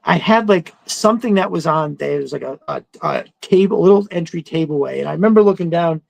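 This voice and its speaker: A man, a podcast host, telling a long personal story in casual chat, animated and acting out quotes in a raised voice, swearing freely. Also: a little high, fast, creaky, no echo, low-quality recording.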